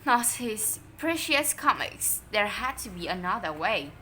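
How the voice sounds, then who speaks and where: Storyteller: woman, bright, lively delivery, slow read-aloud pace. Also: medium pitch, a little hiss or hum. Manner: expressive, unhurried read-aloud. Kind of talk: children's story reading.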